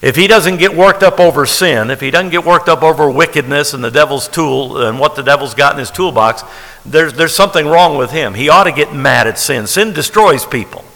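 A man's voice: on the high side, brisk, bright, forceful tone, long reverb tail, low-quality recording. A man preaching a sermon as pastor, talking in a conversational way and repeating key phrases for emphasis.

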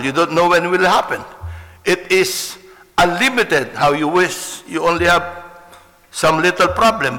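A man's voice: on the high side, sharp tone. A man preaching a sermon, reading scripture and repeating his points with emphasis. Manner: repetitive, emphatic, reads scripture aloud. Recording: long hall reverb.

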